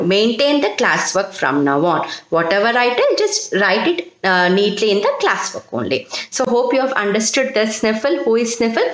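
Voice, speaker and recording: A woman's voice: medium pitch, fairly bright tone, roomy sound, rough recording. A woman teacher, reading a story to students and spelling out words letter by letter as she dictates. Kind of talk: recorded online class lesson.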